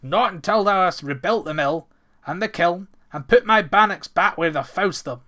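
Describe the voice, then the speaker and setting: Storybook hero, young, fearless, stern, man doing it pitched up and punchy. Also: animated, normal speed, sharp tone. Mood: angry. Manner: old-fashioned thee-and-thou speech, stern. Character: bold hot-tempered young Highland lad.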